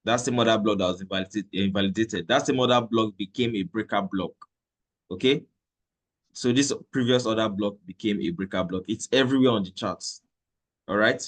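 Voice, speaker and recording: Male trading instructor, low voice, chatty, repeats himself, checks in often. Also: brisk. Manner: conversational, repeats points, checks in with "okay?". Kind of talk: live trading lesson.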